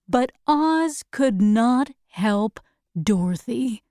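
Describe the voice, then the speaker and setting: Very slow, expressive woman storyteller. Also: a little high, no room sound, studio quality. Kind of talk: storybook read-aloud.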